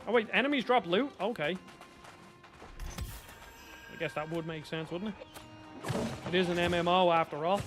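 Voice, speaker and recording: An Irish man commentates casually on his own gameplay, chatty and quick with sarcastic asides. His voice sits high, and loud game music plays under it. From Ireland. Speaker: gaming streamer.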